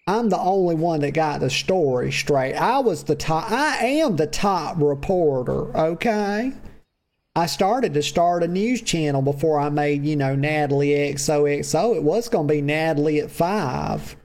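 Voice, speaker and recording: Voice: mid-range voice, animated, a little slow, a little mellow. A speaker giving rambling, sassy let's-play commentary in a campy diva persona, crude and chatty. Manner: rambling and drawling. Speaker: gameplay commentator.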